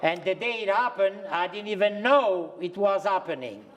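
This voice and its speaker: A man's voice: sits high, animated, normal speed, slight background noise. A man in his seventies with a French accent, a retired pastry chef telling anecdotes on stage, chuckling often and speaking with non-native grammar. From France. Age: 70s.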